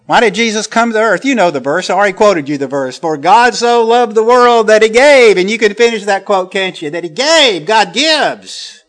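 Middle-aged guy preaching, bright voice, pretty high, punches the verses then goes soft. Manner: emphatic, swings between loud quoting and quiet asides. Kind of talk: sermon.

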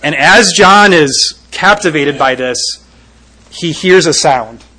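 Man, preacher, sermon, bright tone, vivid storytelling, emphatic peaks. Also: a little high, expressive, takes it slowly, low-quality recording. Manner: vivid imaginative retelling, rising to loud emphasis.

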